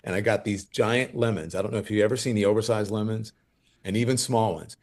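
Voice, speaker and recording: Male guest, 50s, from Louisiana, very low pitch, lively storyteller. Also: a little fast. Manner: animated, lively storyteller who acts out quoted voices. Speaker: guest journalist. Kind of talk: conversational interview storytelling.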